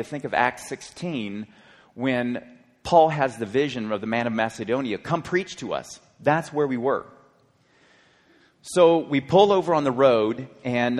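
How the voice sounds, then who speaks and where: A man preaching, earnestly and dramatically retelling a story with quoted dialogue. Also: medium pitch. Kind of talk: sermon storytelling. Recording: long hall reverb.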